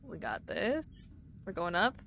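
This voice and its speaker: A woman's voice: on the low side, wildly swooping pitch, slow, vocal fry, fairly bright tone, slight background noise. A woman streamer chatting casually with her viewers while playing a game live, giggling often. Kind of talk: live-streamed gameplay chat.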